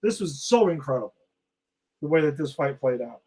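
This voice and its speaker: Male podcast co-host, animated and profane, breaks down an episode in casual chat, voice pitched a little high. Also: moderate pace, a crowd in the background. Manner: excited, swears freely, acts out quotes.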